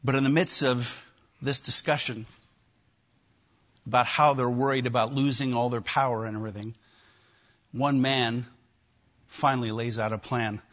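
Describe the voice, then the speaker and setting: Animated preacher man, dull lo-fi sound. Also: mid-range voice, normal speed, long pauses. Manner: animated, emphatic, with wry asides. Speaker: pastor. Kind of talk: sermon.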